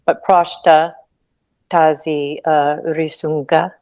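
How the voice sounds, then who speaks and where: A woman's voice: low voice, level tone, slow pace, darkish tone, muffled recording. A woman learning a language on a video call, hesitant, asking questions and trying out new words. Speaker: language student. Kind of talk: online tutoring lesson.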